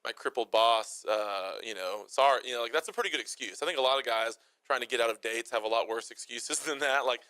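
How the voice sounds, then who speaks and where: A young man co-hosting a movie review show, joking quickly and putting on silly voices for characters. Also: mid-range voice, pushed and bright, no room sound, rough recording. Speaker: podcast co-host. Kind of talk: casual movie review chat.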